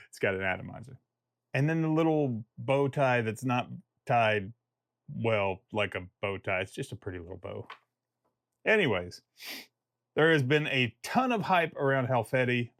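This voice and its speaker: A man's voice: medium pitch, fairly bright tone, dry recording. A man in the middle of his vocal range talks through a fragrance review in a loose, easygoing way. He wanders off on tangents and pokes fun at himself. The sound is close and dry, with almost no room around him. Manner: chatty and rambling, jokes at his own expense. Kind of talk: casual review vlog.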